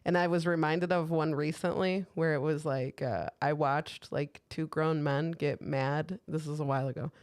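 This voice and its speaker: A woman's voice: sits low, fairly even intonation, normal speed, few pauses, a little mellow, no room sound. A woman from the United States co-hosting a podcast, rambling casually with many fillers and laughs. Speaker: podcast co-host. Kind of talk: casual chat.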